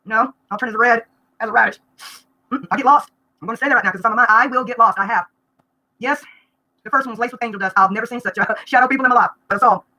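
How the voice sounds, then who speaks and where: A woman, venting bluntly and rapidly during a live-stream vlog, breaking into laughter now and then. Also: a little high, bright, forceful tone. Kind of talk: rambling live-stream rant.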